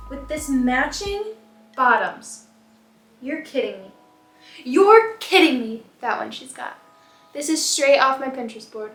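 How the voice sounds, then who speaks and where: A woman in her twenties doing a casual unboxing vlog, gushing and squealing with excitement. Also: high-pitched. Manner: gushing, squealing excitedly, says "shut up" and "oh my God". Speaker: fashion vlogger. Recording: echoey room with faint background music.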